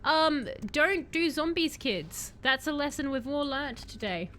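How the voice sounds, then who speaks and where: A woman's voice: high-pitched, expressive, unhurried, bright, forceful tone. A woman streaming a game, chatting animatedly with her viewers, self-mocking and reading out their messages. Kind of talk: let's-play commentary chatting with chat.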